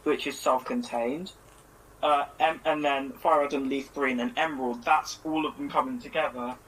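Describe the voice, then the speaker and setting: A man's voice: mid-range voice, fairly even intonation, moderate pace, a bit bright, husky, low-quality recording. A man in a casual voice-call chat, eagerly explaining a point at length. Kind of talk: casual chat about an anime. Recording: voice call with faint noise.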